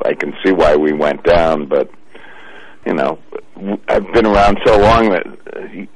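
A man with a very deep voice calls in to a radio show to talk markets. He is wry and pokes fun at himself as a longtime pessimist. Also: low-quality recording. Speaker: market commentator, caller. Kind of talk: casual market chat.

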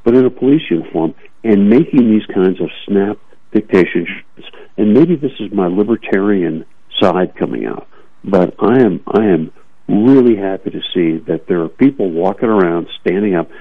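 A man's voice: deep voice, lively intonation, moderate pace, husky. A man giving emphatic, opinionated commentary on talk radio, often repeating words as he starts a thought, heard over a tinny phone-like line.

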